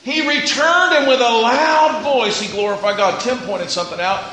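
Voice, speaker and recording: A man preaching a sermon as pastor, moving from quiet storytelling to loud shouted exclamations. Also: very high voice, moderate pace, a little hiss or hum. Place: church sanctuary. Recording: echoey church room.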